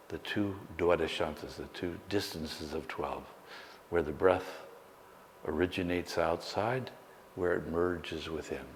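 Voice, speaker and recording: A man, a meditation teacher, guiding a slow, calm meditation with long pauses. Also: low-pitched. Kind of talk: guided meditation. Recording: long hall reverb, faint background noise.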